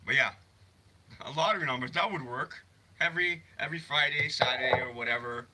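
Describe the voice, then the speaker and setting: A man's voice: medium pitch, fairly quick, pushed and bright. A man hosting a casual livestream from his phone, rambling, swearing freely, and answering chat messages. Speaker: livestream host.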